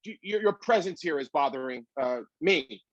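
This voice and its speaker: Man doing tough male bodyguard, polite, halting, dry sound. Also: fairly high pitch, lively intonation, no room sound, dull audio. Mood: curt.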